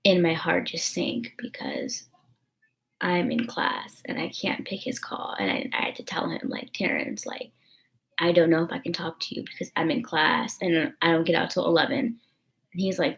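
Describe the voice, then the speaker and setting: A woman's voice: on the low side, expressive, normal speed, creaky, a bit bright. A young woman vlogging in a rambling, emotional, confessional way, full of fillers. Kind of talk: casual confessional vlog chat.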